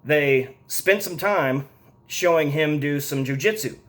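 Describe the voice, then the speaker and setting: A man's voice: on the high side, slow, a bit bright. A man giving a casual, profane, rambling movie review rant, exasperated and loose.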